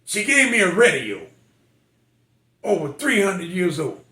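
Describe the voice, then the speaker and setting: A man's voice: sits high, wildly swooping pitch, measured pace, bright, forceful tone, reverberant. An older man, a military veteran, telling personal stories in a folksy, emotional way. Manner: folksy, emotional storytelling with quoted voices. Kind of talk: personal storytelling.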